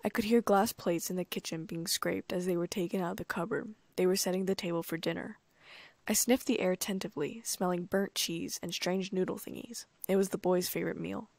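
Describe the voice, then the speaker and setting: A woman narrating a first-person audiobook in a calm, even storytelling manner. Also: fairly low pitch, brisk, gravelly, no echo.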